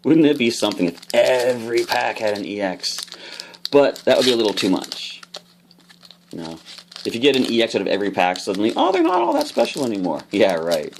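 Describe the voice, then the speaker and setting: A man casually opening trading card packs, explaining each card's rules with bursts of excitement. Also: fairly low pitch, brisk, noisy background. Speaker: card unboxing host. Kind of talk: casual unboxing commentary.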